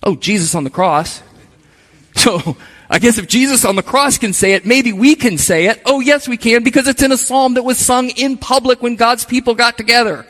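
A male pastor with a high voice delivers a sermon in a casual, conversational manner, turning to the congregation with asides. His voice rings out with a long reverb, as if in a large hall. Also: moderate pace, a bit bright.

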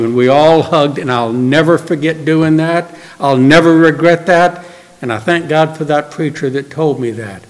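A middle-aged male pastor preaching a sermon, telling stories earnestly and dropping to a soft, quiet voice for emphasis. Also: fairly high pitch, moderate pace. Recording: long hall reverb.

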